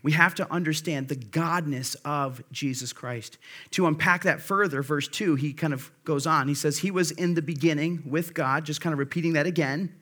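Man preaching a casual, conversational sermon. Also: on the high side. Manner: conversational preaching with many fillers and restarts; drops to a slow, quiet emphasis on key phrases. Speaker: pastor.

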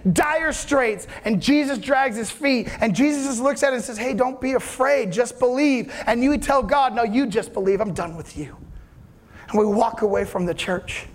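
A man preaching a sermon, telling the story animatedly with casual slang. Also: extremely high pitch.

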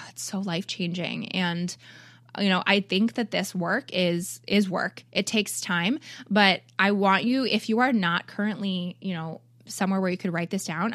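A woman in her thirties talks straight into a close mic as the host of her own podcast. Her delivery is earnest and heartfelt, full of ums and little "right?" checks. Her pitch sits mid-range, and the room adds no echo at all. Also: fairly bright tone. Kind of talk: heartfelt solo podcast talk.

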